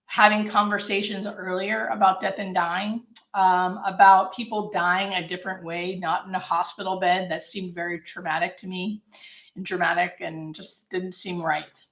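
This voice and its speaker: A woman's voice: medium pitch, a bit bright, echoey room. A woman from Southern California, a hospice nurse, chatting upbeat on a live-stream Q&A and answering viewers' questions. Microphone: camera mic.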